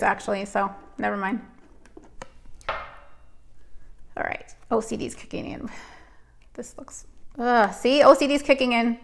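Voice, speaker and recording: A woman hosts a live stream, giving a chatty, emotional card reading while teary and sniffly, tearful one moment and laughing the next. Her voice is on the high side and gravelly.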